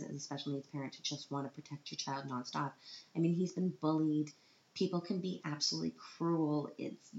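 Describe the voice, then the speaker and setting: A woman's voice: low voice, a little mellow, slight background noise. A woman in her thirties telling a personal vlog story about her child, dramatic and self-mocking, on the verge of tears. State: tearful, on the verge of crying. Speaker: parent vlogger. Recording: roomy, dull lo-fi sound.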